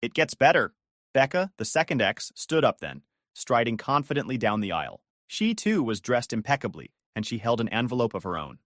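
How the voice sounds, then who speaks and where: A man narrating a first-person drama story with a gossipy relish. His pitch moves a lot across phrases. The recording is close and dry. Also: huge pitch swings, brisk, few pauses, a bit bright, no room sound.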